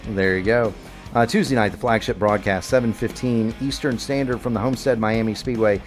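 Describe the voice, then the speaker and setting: A man's voice: fairly low pitch, steady tone, a little fast. Guy hosting a sim racing show, folksy and chatty, bit of music faint behind him. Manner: folksy, rambling schedule rundown. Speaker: sim racing broadcast host. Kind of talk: broadcast commentary.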